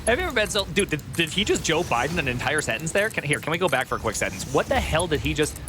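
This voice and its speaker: A man casually reacting to a video during a live stream, rambling and excitable, laughing often and restarting sentences. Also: a little high, quick pace, over music.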